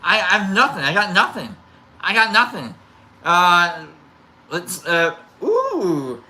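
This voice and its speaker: Slow, bright-voiced rambling stream host. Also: medium pitch, expressive. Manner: rambling, many fillers and restarts, chatting to viewers. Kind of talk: rambling casual live-stream chat.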